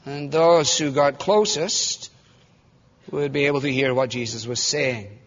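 A man's voice: medium pitch, a little slow. A man preaching a sermon, explaining scripture with rhetorical questions and rising to fervent emphasis. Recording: dull muffled sound in a reverberant hall.

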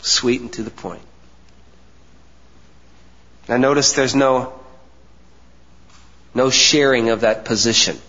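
A man preaching a sermon, with earnest emphasis, deliberate pauses and soft asides. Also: medium pitch. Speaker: pastor. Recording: dull sound with long hall reverb.

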